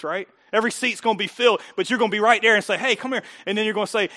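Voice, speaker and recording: A man preaching a sermon as pastor in a church, animated and conversational, asking the congregation rhetorical questions and acting out what people will say. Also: very high voice, fast talker.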